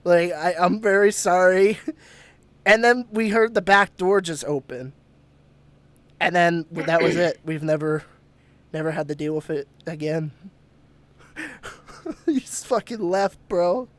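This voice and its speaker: A man's voice: on the high side, takes it slowly, long pauses, no echo. A man hosting a podcast, telling a story casually with lots of swearing and laughter. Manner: profane, laughing, animated retelling. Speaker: podcast host.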